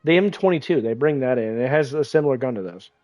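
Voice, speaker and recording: A man streaming a game, talking casually in a profane, excitable, teasing way, with congested sinuses. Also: medium pitch, fast, no room sound, faint music behind. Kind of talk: casual gaming livestream commentary.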